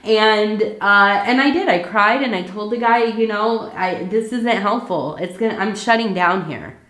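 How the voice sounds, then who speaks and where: A woman gives a casual ASMR tea leaf reading in an unhurried, chatty way, drifting into asides and fillers. Her voice sits at a middling pitch, and the room around her is echoey. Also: fairly bright tone.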